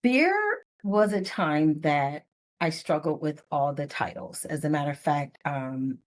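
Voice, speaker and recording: Expressive low-voiced woman author. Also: measured pace. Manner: expressive, animated storyteller with playful asides. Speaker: guest author. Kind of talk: podcast interview, casual storytelling.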